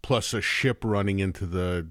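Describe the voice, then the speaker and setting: Low-voiced man hosting, dry sound. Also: moderate pace, no echo. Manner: relaxed, joking asides. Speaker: podcast host. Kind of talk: conversational interview.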